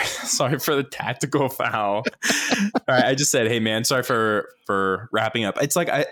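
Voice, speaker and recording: A young man telling a long story in casual chat, full of "like" fillers, laughing often and jumping up in pitch to mimic people. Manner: animated, mimics others in higher voice.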